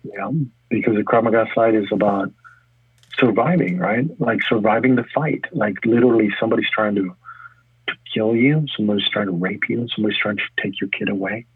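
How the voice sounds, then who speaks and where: A man's voice: on the low side, breathy edge, dry recording. A man who coaches fitness and runs a gym, talking casually and energetically in an interview, often restarting his sentences. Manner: energetic, talks in quick restarts. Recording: tinny phone-like line.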